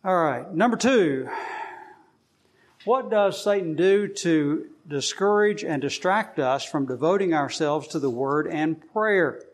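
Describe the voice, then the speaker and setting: A middle-aged man leads a small Bible study group in an easy, conversational way. He often stops and restarts his sentences and fills pauses as he teaches. His pitch sits a little above the usual for a man. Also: lively intonation. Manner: plain, conversational, with many fillers and restarts.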